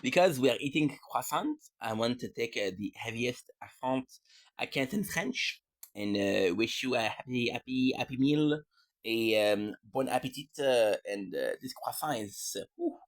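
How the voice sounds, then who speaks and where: A man's voice: medium pitch, animated, moderate pace. A man streaming and chatting casually while he eats, joking and rambling with lots of fillers and murmurs of enjoyment. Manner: joking and rambling, with many fillers and food sounds.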